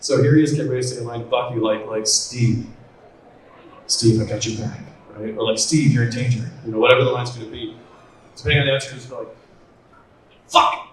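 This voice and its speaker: Animated man telling stories in an echoey hall. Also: mid-range voice, fast. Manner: animated, laughing storyteller who acts out quotes. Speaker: animation director on a panel. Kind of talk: casual convention panel talk. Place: large convention hall. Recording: echoey hall from far off with noise.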